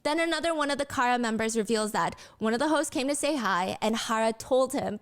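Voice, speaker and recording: A woman's voice: fairly high pitch, a little fast, few pauses, clean tone. A woman telling a true story in a conversational narration, explaining context and acting out the quoted lines. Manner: acts out quotes in lively voices; explains cultural context to viewers.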